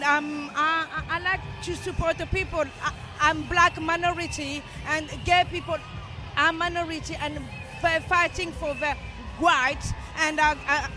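A young woman in a street interview outdoors at a parade, speaking passionately and emotionally. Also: high voice. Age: young adult. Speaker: parade attendee, therapist.

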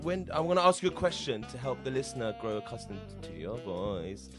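A man's voice: mid-range voice, sing-song, brisk, music in the background. A British man co-hosting a comedic radio show, playful and giggly, with theatrical introductions. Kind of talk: casual comedic chat.

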